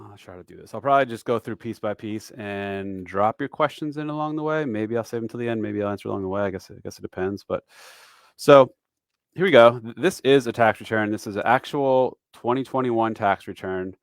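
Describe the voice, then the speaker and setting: Man, 40s, live-stream tax educator; slightly low voice, chatty and self-deprecating, dad-joke humor, dry close sound. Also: moderate pace, no echo. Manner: loose and chatty with dad jokes, many fillers. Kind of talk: casual live-stream walkthrough.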